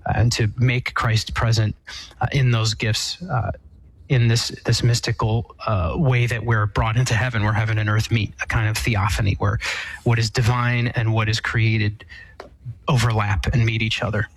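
A man, a priest, answering a call-in question in a thoughtful, measured way with frequent fillers and restarts. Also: fairly low pitch, flat delivery, breathy edge, rough recording. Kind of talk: radio call-in explanation.

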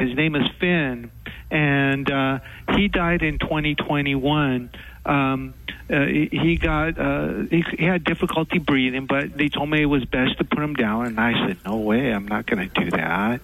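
A man calling in to a radio show, telling a story in a halting way with many pauses and fillers. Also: fairly high pitch, steady tone, fairly bright tone, low-quality recording. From Texas. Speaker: caller. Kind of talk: call-in radio chat.

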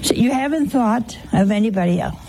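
A woman's voice: fairly high pitch, lively intonation, fairly quick, very noisy. A woman giving an informal sermon, teasing her listeners with rhetorical questions and humorous anecdotes. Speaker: religious teacher.

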